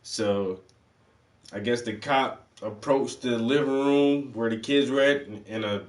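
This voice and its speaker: A man's voice: medium pitch, a little slow. A man tells a story in a loose, rambling rant, cursing often and restarting his thoughts. His voice sits in the middle range. He is recorded some distance from the mic, and the room adds a noticeable echo. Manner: profane, rambling, heavy use of "like". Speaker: channel host.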